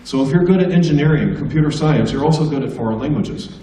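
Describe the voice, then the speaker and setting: American man, comedian addressing students, mellow voice, roomy hall sound, heard from a distance. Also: fairly high pitch, quick pace. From United States. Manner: joking, anecdotal, conversational. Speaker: guest speaker, stand-up comedian. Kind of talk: school assembly talk. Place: school hall.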